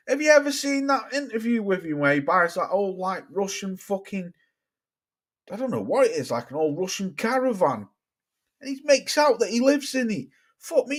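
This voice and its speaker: Sweary man ranting at chat. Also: a little high. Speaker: streamer. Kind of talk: casual chat.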